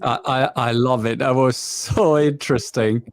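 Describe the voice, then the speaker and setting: A man interviewing a comedian, asking his questions haltingly with repeated words. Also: medium pitch, steady tone, no room sound.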